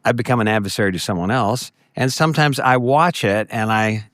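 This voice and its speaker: A middle-aged man speaks to a conference of ministry workers, telling stories and voicing the people in them. His voice sits in an ordinary middle pitch. The sound is dry and close, with no room echo. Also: fairly quick, hardly any pauses, fairly bright tone. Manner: storytelling, acts out quoted voices with jumps in pitch.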